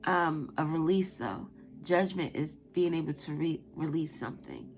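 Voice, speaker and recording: Profane, animated woman telling a story. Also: low voice, normal speed, creaky, a little hiss or hum. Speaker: tarot reader. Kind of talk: casual storytelling and tarot reading.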